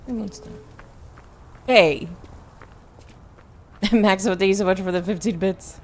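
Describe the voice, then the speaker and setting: A woman's voice: mid-range voice, slow, a little mellow. Playful woman streamer. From United States. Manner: playful, chatty, reads and answers chat. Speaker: VTuber streamer. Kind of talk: casual gameplay stream chat.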